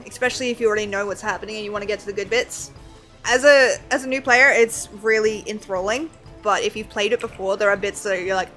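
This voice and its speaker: A woman's voice: mid-range voice, steady tone, fast, fairly bright tone. A woman streaming a game, chatting casually and rambling with frequent laughs, over faint background music. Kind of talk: casual chat while gaming.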